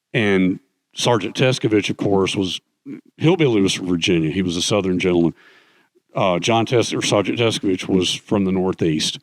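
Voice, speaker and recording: Low-voiced older man telling stories. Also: a little mellow, no room sound. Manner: rambling storyteller with many fillers. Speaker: guest author. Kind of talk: fireside chat on stage. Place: conference stage.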